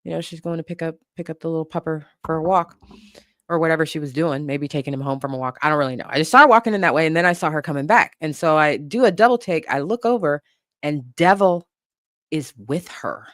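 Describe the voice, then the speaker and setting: A livestream host telling a story in a casual, lively way, swearing and laughing along the way. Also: mid-range voice, fast talker, no room sound, clean studio sound.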